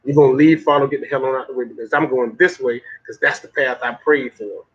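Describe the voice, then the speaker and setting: In muffled, lo-fi audio, a man with a Southern US accent gives a folksy, profane motivational monologue, repeating lines for emphasis. The vlogger's medium-pitched voice is fast and breathy, with fairly even intonation.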